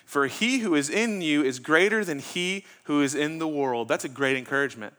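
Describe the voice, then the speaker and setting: Bright-voiced man preaching a sermon. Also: a little high, expressive, moderate pace. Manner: conversational preaching with rhetorical questions. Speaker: pastor.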